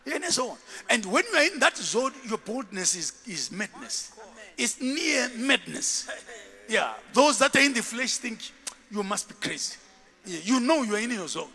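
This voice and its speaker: A man preaches a lively sermon with a high, bright, ringing voice, calling on his congregation to repeat after him. His words echo with a long reverb through a large church hall, a live recording from the pulpit. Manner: animated, call-and-response preaching with laughs. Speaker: bishop, preacher.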